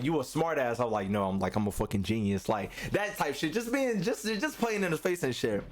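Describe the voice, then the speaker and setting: A young man streamer telling a profane story to his chat, acting out the other people's lines. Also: mid-range voice. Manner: animated, profane, acts out quotes. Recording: faint music behind.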